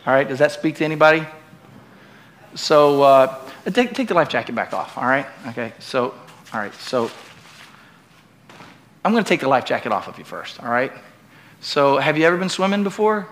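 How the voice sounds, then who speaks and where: A middle-aged male pastor preaching a sermon in a church, swinging from loud, emphatic preaching to relaxed, joking asides with the congregation. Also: mid-range voice, moderate pace, long pauses.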